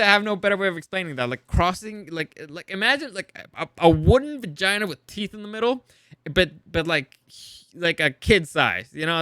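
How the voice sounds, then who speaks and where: A man hosting a review show, recapping a TV episode in a rambling, animated way, acting out characters with laughs and swearing. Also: a little high, dry recording, studio quality.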